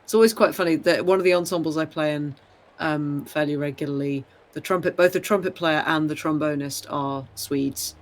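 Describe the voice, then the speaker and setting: Chatty man with a higher voice. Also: steady tone, a little fast. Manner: chatty, laughs often, trails off. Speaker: podcast co-host. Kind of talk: casual chat.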